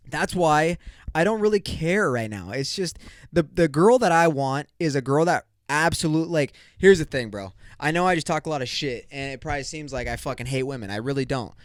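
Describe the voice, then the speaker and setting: Casting: podcast host, man, slightly high voice, blunt cussing rant, dry close sound. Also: no room sound. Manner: profane, blunt, ranting. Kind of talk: casual rant.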